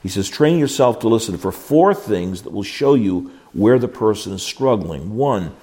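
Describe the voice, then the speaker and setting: Animated older man teaching a class. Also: normal speed. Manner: folksy, emphatic, with animated swoops in pitch and many restarts. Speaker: Bible teacher. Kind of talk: classroom lecture on biblical counseling.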